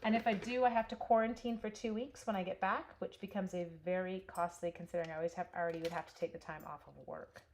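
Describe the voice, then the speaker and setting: This woman talks fast with few pauses, her voice fairly low and steady in tone. Hosting a live card stamping session, she chats casually with viewers and answers their comments as she crafts.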